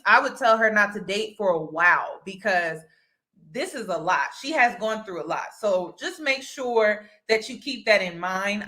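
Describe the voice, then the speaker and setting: A woman's voice: fairly high pitch, sharp tone. A woman hosting a casual commentary video, explaining firmly and repeating her points for emphasis. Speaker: commentary host.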